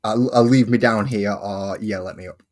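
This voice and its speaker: A man's voice: fairly low pitch, steady tone, moderate pace, a little mellow. A man hosting a casual livestream while he crafts, rambling and correcting himself as he talks. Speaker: livestream host.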